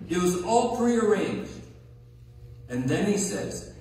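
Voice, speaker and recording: Slow, emphatic pastor in an echoey hall. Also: male voice, sits high, expressive, warm tone, slight background noise. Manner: conversational, emphatic, checks in with audience. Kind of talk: sermon. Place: large hall or sanctuary. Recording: echoey hall recorded from far off.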